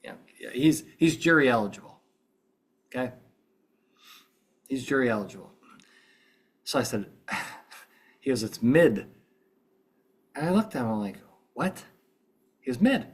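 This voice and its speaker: A man's voice: medium pitch, lively intonation, moderate pace, long pauses, breathy edge. Man, middle-aged, podcast host, casual chat, groggy, rambling storytelling. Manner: rambling, chatty storytelling with many restarts. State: groggy, just woken up.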